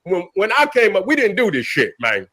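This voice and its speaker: A man's voice: high voice, huge pitch swings, fairly quick, bright, forceful tone. A middle-aged man giving a profane, repetitive, preachy commentary rant as host. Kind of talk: ranting commentary.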